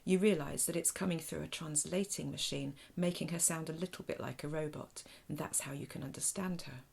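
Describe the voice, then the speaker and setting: Soft-spoken woman telling a children's story. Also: low-pitched, steady tone, fairly quick, gravelly, few pauses, slightly rough. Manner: soft, hushed, often half-whispered delivery. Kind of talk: guided imagination story narration.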